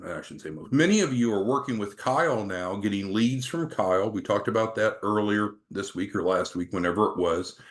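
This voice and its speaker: A man leading a sales training meeting, upbeat, coaching and calling on team members by name. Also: medium pitch.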